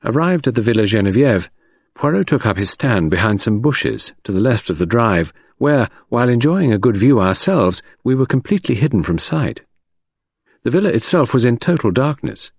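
A man reading an audiobook narration in a measured, expressive way. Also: medium pitch, dry recording, clean studio sound.

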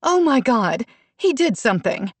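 A woman narrating an audiobook voices an anxious, panicked mother who speaks high and tense. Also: very animated, moderate pace, no echo. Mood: panicked, accusing.

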